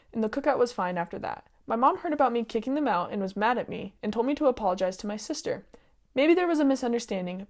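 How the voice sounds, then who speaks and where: A young woman with a medium-pitched, slightly mellow voice reads online stories aloud and shares her opinions. She's chatty and opinionated, full of "like" and "um," and easily sidetracked.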